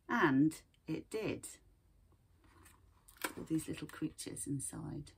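Breathy, gentle woman teaching children. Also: deep voice, lively intonation, slow, long pauses. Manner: gentle, encouraging, asks children questions. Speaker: art teacher. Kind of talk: reading a picture book aloud and guiding children's drawing.

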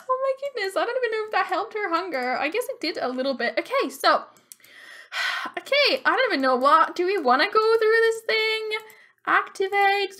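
A young woman commentating a life-sim game as a let's play host, reacting dramatically with gasps and exclamations. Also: very high-pitched. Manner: excitable, gasping, dramatic reactions. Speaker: gaming YouTuber.

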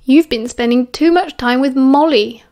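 A woman reads a cheeky, doting young man in a British accent for an audiobook. He sounds playful and coaxing, with a fairly high voice. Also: normal speed, darkish tone. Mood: playful teasing.

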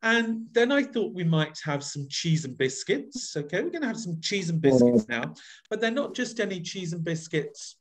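A man runs a voice workshop over a video call, coaxing his group with playful, exaggerated demonstrations. His pitch sits a little high and leaps around with lively range. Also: moderate pace. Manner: playful, coaxing, modelling each phrase with exaggerated expression. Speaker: voice workshop leader. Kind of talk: online voice workshop coaching.

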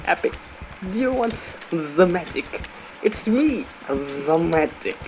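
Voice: mid-range voice, very animated, takes it slowly, background noise. A gamer voicing a manic army medic, gleeful and menacing while offering to heal. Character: manic German army medic, grown man.

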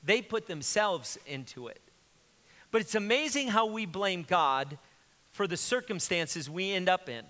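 A man's voice: on the high side, sharp tone. A male pastor preaching a sermon in a conversational, joking way as he retells scripture. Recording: reverberant hall.

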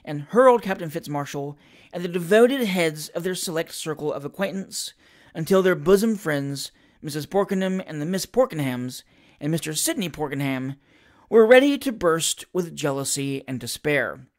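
A reader narrating a classic comic novel as an audiobook, with an expressive, theatrical delivery. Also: mid-range voice, normal speed.

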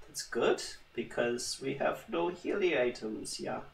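On his gaming channel, a man gives laid-back let's-play commentary, wandering off topic and poking fun at himself. His mid-range, creaky voice runs a little slow, and the distant mic catches the echo of a roomy space.

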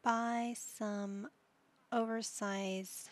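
A woman gives relaxed gameplay commentary, thinking aloud and chatting to herself as she plays. She talks slowly and takes her time, now and then dropping into a soft whisper. Her voice has a gravelly, creaky edge. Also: mid-range voice. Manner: chatty, musing to herself, drops to a whisper at times. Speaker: gaming channel host.

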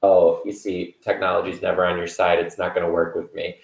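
A man hosting a livestream, a comic teacher with a playful, animated way of talking. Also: low-pitched, fairly quick, vocal fry. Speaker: livestream host and teacher comedian. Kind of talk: hosted livestream. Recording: roomy echo.

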